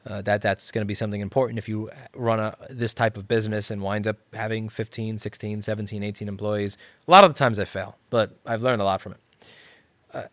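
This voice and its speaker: A man's voice: fairly low pitch, dry recording. A man who owns a repair shop, hosting a casual livestream Q&A and answering viewers in a blunt, rambling, profane way. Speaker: repair shop owner and channel host.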